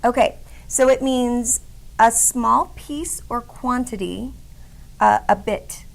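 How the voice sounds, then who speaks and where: A woman co-hosting a casual studio chat show, bubbly and teasing, her voice going hoarse. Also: fairly high pitch, slow. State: losing her voice. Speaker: co-host.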